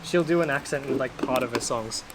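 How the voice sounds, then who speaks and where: A woman's voice: very deep voice, fairly quick. Giggly young Australian woman. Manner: playful, giggly, teasing. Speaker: cubing video host. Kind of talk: casual chat while unboxing. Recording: loud crinkling packaging noise.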